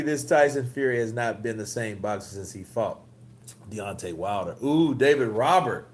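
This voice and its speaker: A man's voice: on the low side, animated, moderate pace. A man hosting a casual live-stream about boxing news, swearing, laughing and reading the chat. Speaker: host.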